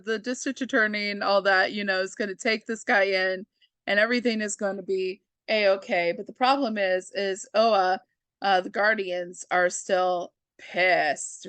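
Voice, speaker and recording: A woman talks through an old comic book in an easy, unhurried way, dropping in fillers and side remarks and laughing at her own jokes. Her voice sits at an ordinary pitch, and the recording is close and dry with no room sound. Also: a bit bright, clean tone, no echo. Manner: chatty and rambling, full of fillers and asides. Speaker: comic book reader and channel host. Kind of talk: casual comic book reading commentary.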